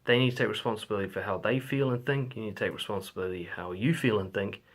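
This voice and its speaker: Talking fast in a fairly low voice, this relationship coach delivers blunt, profanity-laced advice directly to the camera. He performs sample lines to illustrate his points in the vlog.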